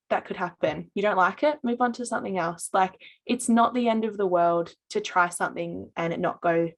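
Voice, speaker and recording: A young Australian woman, a student on a panel, telling stories in a bubbly, animated way. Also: medium pitch. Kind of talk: panel discussion.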